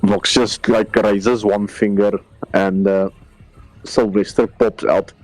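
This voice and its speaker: A man's voice: fairly low pitch, little pitch movement, slow pace, darkish tone, no echo, poor audio. A man with a South African accent, casually describing his character's moves in a tabletop game, hesitant with fillers. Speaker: player. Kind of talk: tabletop role-play chat.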